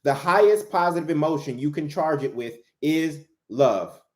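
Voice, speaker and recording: A man's voice: fairly high pitch, expressive, moderate pace. A man giving a motivational spiritual talk in a preacher-like way, repeating key phrases for emphasis. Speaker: author and motivational speaker. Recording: roomy echo.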